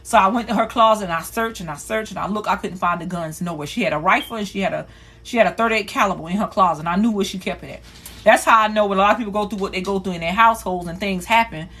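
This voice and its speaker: A woman on a phone livestream, telling a painful personal story in a rapid, repetitive, earnest way. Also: mid-range voice, fairly bright tone. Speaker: livestream host.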